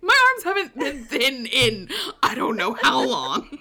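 Bright, lively woman podcast host. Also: a little high, measured pace. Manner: giggly, chatty, self-deprecating. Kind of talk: casual chat.

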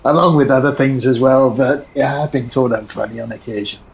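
A man's voice: mid-range voice, a little fast, creaky, a little hiss or hum, natural voice, low-quality recording. A man voicing Zibby, a wry male adventurer who jokes dryly in a tabletop role-play. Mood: amused. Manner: dry, teasing humor, skeptical.

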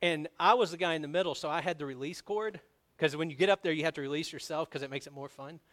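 Male pastor, sermon delivery, slightly high voice, lively storytelling that swells when stressed. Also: fast talker. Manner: storytelling, animated, grows loud on emphasis.

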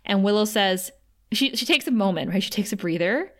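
A young woman talking casually on a podcast about a TV episode, with a voice of middling pitch. She is chatty and lively and quotes lines from the show. Her talk is quick and full of asides. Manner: chatty and animated, quoting characters with laughs. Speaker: podcast co-host recapping a TV episode. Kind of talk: casual chat.

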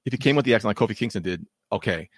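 A man's voice: on the low side, lively intonation, very fast, no room sound, studio quality. A man co-hosting a wrestling podcast who talks bluntly, emphatically, and moves the show from match to match. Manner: blunt, emphatic, runs the segments. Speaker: podcast co-host. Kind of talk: casual wrestling chat.

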